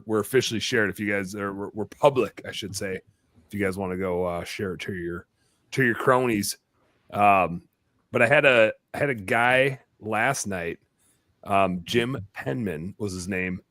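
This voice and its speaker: A man hosting a live podcast in casual chat, rambling and excitable, dropping the odd swear word. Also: on the low side, no echo, clean studio sound. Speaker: podcast host.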